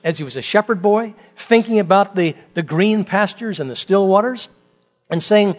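A man's voice: high-pitched, normal speed. A middle-aged man preaching a sermon as pastor, talking conversationally with rhetorical questions and joking asides.

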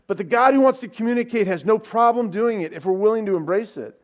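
A man with a high voice preaching a sermon. He retells the story like a storyteller, tossing in casual asides and asking his listeners questions as he goes. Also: animated, moderate pace. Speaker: pastor.

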